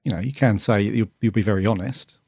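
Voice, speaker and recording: A man chats on a podcast with a gravelly, fry-tinged voice. He jokes, laughs and trails into restarts as he goes. The sound is dry and close. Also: fairly low pitch, quick pace, a little mellow, no room sound. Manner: jokey, chatty, laughs often, trailing restarts. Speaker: podcast co-host. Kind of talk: casual podcast chat.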